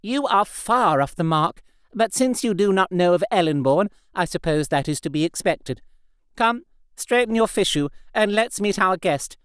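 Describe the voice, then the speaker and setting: A man's voice: high voice, expressive, fairly bright tone, clean tone, dry recording, clean studio sound, voice pushed up. A man voicing a fussy, gossipy young society lady in an audiobook. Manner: brisk, bossy, socially fussy.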